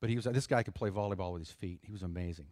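A middle-aged man preaching a sermon in an earnest, conversational way, pausing for emphasis. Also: low voice, darkish tone, dry recording, studio quality. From United States. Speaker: pastor.

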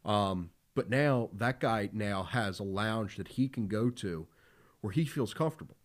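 Man, low-ish voice, casual podcast chat, blunt, profane, filler-heavy. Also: lively intonation, unhurried. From Philadelphia area. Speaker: podcast host.

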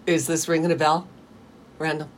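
A woman's voice: low voice, level tone, moderate pace, slight background noise. A middle-aged woman hosting a radio call-in show, chatty and rambling, laughing often. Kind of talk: casual radio chat. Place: radio studio.

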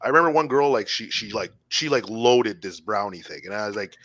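Animated, bright-voiced male podcaster. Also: lowish voice, brisk. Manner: animated, laughing, swearing often. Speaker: podcast co-host. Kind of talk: casual chat, storytelling.

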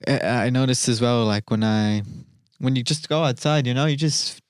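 A young man with a New Zealand accent rambles happily as a podcast guest, piling up filler words as he talks. His voice sits in an ordinary male pitch, and the sound is dry and close to the mic. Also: normal speed, smooth, no room sound. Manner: rambling, many fillers, enthusiastic. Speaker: dancer guest. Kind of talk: casual podcast chat.

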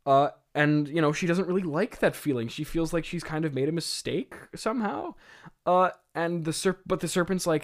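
A man's voice: a little high, normal speed. Rambling, stammering man. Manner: rambling and stammering, with amused asides. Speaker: podcast host reviewing a script. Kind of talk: casual commentary.

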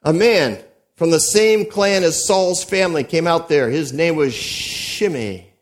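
A pastor delivering a sermon, telling a story with animated asides to the congregation and frequent restarts. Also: male voice, a little high, a little slow.

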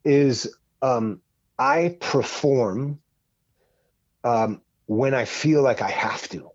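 A man's voice: medium pitch, extremely slow, no echo, lo-fi sound. A man telling a long story in casual podcast chat as a guest, rambling and heavy on swearing. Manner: profane, rambling, animated.

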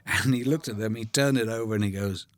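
Older guy actor chatting over his movie, lively stories, lowish voice. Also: quick pace, dry recording. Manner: anecdotal, animated storytelling with voiced quotes. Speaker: actor discussing his film. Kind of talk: commentary track chat.

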